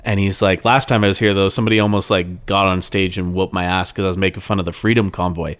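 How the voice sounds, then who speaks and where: A man's voice: sits low, steady tone, fast. A man co-hosting a podcast, retelling a comedy show in casual chat and acting out the lines. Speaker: podcast co-host, stand-up comic.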